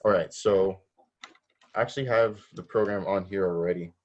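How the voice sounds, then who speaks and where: A man's voice: low-pitched, steady tone, normal speed, dull audio, a little hiss or hum. A man teaching a robotics class online, explaining step by step, asking students questions and often restarting his sentences. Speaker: robotics instructor. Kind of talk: online coding lesson.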